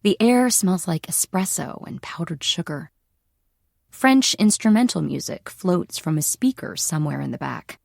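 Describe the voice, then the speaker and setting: A woman's voice: fairly low pitch, animated, unhurried, gravelly, dry recording, clean studio sound. A woman narrating a first-person audiobook in a wry, dryly humorous manner.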